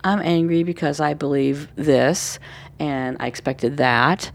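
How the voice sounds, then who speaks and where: A woman with a low, gravelly voice, speaking as a coach. She explains things gently and thoughtfully, in an easy conversational way, with plenty of small fillers. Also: a little slow. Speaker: forgiveness coach and workshop leader.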